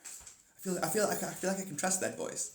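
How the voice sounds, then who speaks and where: A man hosting a live stream in casual chat, excitable, swearing often and laughing a lot. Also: high-pitched, fairly quick, vocal fry, crowd noise. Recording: echoey room.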